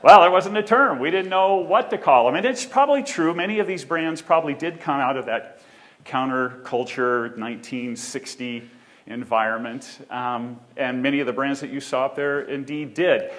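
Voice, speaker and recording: At medium pitch and a moderate pace, a man gives a conference talk from a theater stage, walking as he speaks. His delivery is animated, and he jokes with the crowd.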